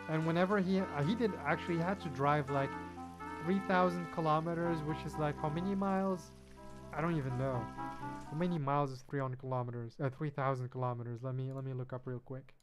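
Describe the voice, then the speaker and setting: A young man from Belgium chatting with his viewers while gaming, friendly and prone to repeating himself. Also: a little high. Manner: friendly, repeats his own phrases, talks to chat by name. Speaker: streamer. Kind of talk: casual chat while gaming. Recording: game music playing behind.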